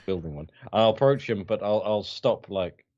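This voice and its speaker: Hesitant male tabletop player, lowish voice, muffled lo-fi recording. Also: expressive, moderate pace, darkish tone. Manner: hesitant, stammering restarts. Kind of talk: playing a tabletop game.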